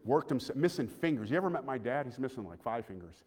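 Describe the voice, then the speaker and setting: A man preaching an emotional, heartfelt sermon, often dropping to a soft voice. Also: mid-range voice, very animated, fast, husky. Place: church sanctuary. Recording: long reverb of a large hall.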